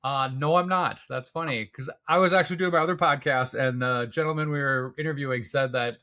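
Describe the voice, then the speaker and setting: Give me a relaxed, chatty male podcast co-host from Wisconsin. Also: medium pitch, fairly quick. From Wisconsin, USA. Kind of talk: casual podcast chat.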